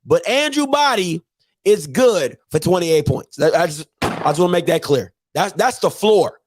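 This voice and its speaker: A man's voice: high voice, lively intonation, normal speed, slight background noise. A man hosting a live call-in sports talk show, talking emphatically and repeating his points.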